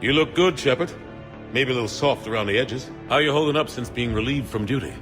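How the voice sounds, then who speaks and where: An actor playing a firm, steady older male fleet admiral who mentors a soldier in a game cutscene. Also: medium pitch, fairly quick, music in the background, natural voice.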